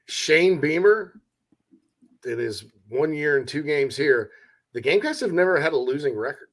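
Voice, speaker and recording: A man's voice: fairly high pitch, lively intonation, moderate pace. A man from South Carolina hosting a casual sports talk show, joking and reading out audience comments. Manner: joking, chatty, reads out audience questions.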